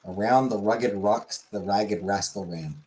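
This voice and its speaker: A man hosting a casual chat show, reading viewer comments in a quick low murmur and answering them more loudly. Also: a little hiss or hum, poor audio. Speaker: show host.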